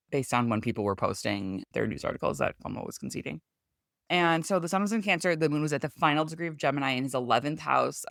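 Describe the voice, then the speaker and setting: A man's voice: medium pitch, fairly bright tone, no room sound. A man with a mid-range voice chats through astrology readings on a podcast. He talks casually, filling his explanations with "like" and "you know". The sound is close and dry.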